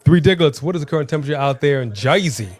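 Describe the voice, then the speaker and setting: This Southern California man co-hosts a live stream, talking very fast in a slightly high voice. He's energetic and playful, chatting casually and reading viewer comments aloud.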